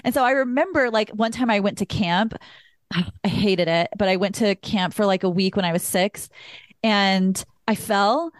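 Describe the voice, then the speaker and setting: A woman's voice: mid-range voice, moderate pace, no room sound. Candid storytelling woman, dry close sound. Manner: candid, storytelling, swears freely. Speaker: podcast host. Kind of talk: casual conversational podcast.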